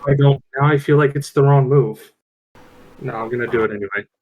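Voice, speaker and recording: A man's voice: mid-range voice, brisk, narrow, tinny audio. A man playing a tabletop game, unsure and restarting his questions as he describes his character's actions. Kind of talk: casual game chat.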